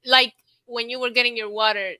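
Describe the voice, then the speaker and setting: A woman's voice: on the high side, steady tone, fairly quick, pushed and bright, smooth, no room sound. A woman co-hosting a podcast in casual chat, talkative and analytical. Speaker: podcast co-host.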